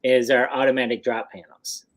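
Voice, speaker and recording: A man's voice: medium pitch, normal speed, no echo. Chatty man telling haunt stories. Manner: chatty storyteller, animated when quoting people. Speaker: co-host and haunt owner. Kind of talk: casual chat on a livestream.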